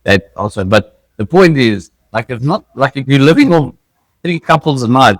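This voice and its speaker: A man's voice: medium pitch, expressive, normal speed, no room sound. A South African man co-hosting a casual podcast, telling laid-back stories with "like" fillers. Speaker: podcast co-host. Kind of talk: casual chat.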